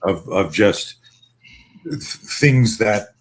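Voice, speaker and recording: A man's voice: on the low side, animated, very slow. A man with a Canadian American accent, talking casually as a co-host, emphatic and full of restarts. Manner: rambling, emphatic, many restarts. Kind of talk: casual video call conversation.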